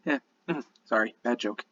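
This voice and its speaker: A man's voice: medium pitch, animated, unhurried, fairly bright tone, recorded from a distance, voice pushed down. A man voicing a timid, three-foot male goblin blacksmith who stammers and apologizes nervously, on slightly dull audio. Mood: shy.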